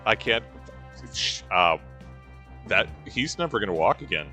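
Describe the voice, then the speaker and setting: A man giving casual let's-play commentary in a bright, lively voice, sardonic and full of asides. His pitch swings a lot as he jokes. Faint game music runs underneath. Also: normal speed. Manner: sardonic, jokey and rambling.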